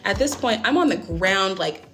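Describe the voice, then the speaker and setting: A young woman recounting a personal story in a loose storytime style, talking bluntly and swearing freely as she stresses each point. Her voice sits at an ordinary middle pitch for a woman. Soft music plays faintly underneath. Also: expressive, normal speed. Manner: blunt, heavily profane, emphatic retelling. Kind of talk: casual storytime monologue.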